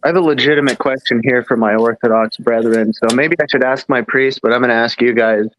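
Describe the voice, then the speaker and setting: A man's voice: medium pitch, fairly even intonation, brisk, a bit bright. A man in a casual podcast chat, joking in a blunt, irreverent way. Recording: dull, muffled audio.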